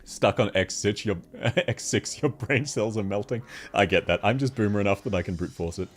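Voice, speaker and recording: A man's voice: lowish voice, moderate pace, soft background music. A man from Australia with an Australian accent, chatting casually on a live stream, laughing often as he answers chat.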